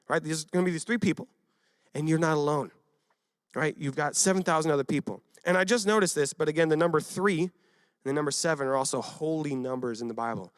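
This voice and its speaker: A young man giving a casual youth sermon, retelling a Bible story with lively acted quotes and frequent asides to his listeners. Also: fairly high pitch, dry recording, studio quality. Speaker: youth pastor.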